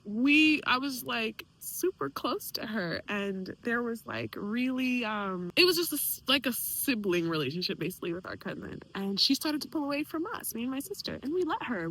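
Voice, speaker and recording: A woman's voice: a little high, animated, brisk, sharp tone, rough recording. A young woman vlogger candidly venting to camera about family hurt, emotional and close to tears, talking casually with many fillers and acting out what others said. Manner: emotional, tearful, sighing; casual, many fillers, acts out quoted people.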